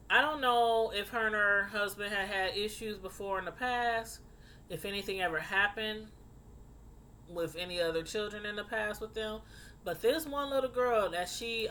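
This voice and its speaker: A woman casually recounting a true crime story to her viewers, getting animated and outraged as she tells it. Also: slight background noise. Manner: animated, outraged, rising high when indignant.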